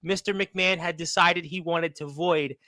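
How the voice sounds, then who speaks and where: Chatty radio host guy, bright voice, dry close sound, rambles a lot. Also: on the high side, fairly even intonation, normal speed, dry recording. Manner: chatty, laughs often, rambling. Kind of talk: casual sports radio chat.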